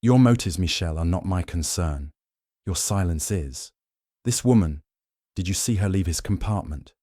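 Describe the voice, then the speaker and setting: A man's voice: deep voice, animated, moderate pace, warm tone, no room sound, clean studio sound. A man reading the part of a shrewd, stern older Belgian detective who presses his questions in a commanding way.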